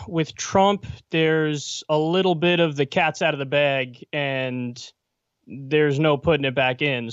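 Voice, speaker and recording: Blunt male pundit, higher-pitched voice, dry and dull remote call line. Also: clean tone, dry recording. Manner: blunt, argumentative. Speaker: guest commentator. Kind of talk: political commentary.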